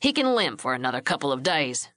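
A woman reading an audiobook voices a kind, even-tempered young rancher son who speaks calmly and respectfully. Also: mid-range voice, quick pace, no echo, clean studio sound, voice pushed down. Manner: calm, mild, respectful.

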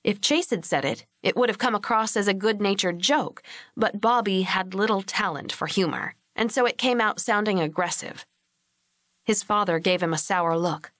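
An audiobook narrator, a woman, reads a novel aloud in a scripted, steady and expressive storytelling style. Her middle-pitched voice moves at a moderate pace. The sound is close and dry, with no room sound or echo.

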